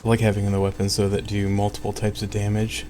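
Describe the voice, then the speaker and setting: A man's voice: fairly low pitch, monotone, fast talker, dark tone, soft background music. A man streaming a video game, chatting casually and rambling with lots of "like" and "um". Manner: rambling, with frequent "like" and "um". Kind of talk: casual gameplay commentary.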